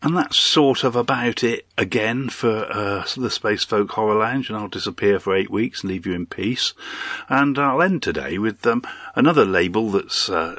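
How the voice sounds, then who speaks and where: Very deep-voiced radio host. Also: male voice, animated, moderate pace, fairly bright tone, no room sound. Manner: dry, rambling, lots of uhs. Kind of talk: casual radio presenting.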